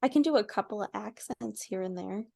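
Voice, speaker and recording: A woman's voice: medium pitch, brisk, vocal fry, warm tone, dry recording, clean studio sound. Woman with a slight Southern twang. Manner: playful, giggly, tries out silly accents. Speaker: podcast co-host. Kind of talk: casual chat.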